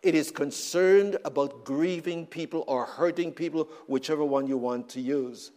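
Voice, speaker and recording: A man's voice: on the high side, moderate pace, dark tone. A man preaching a sermon, repeating words and rising in emphatic bursts.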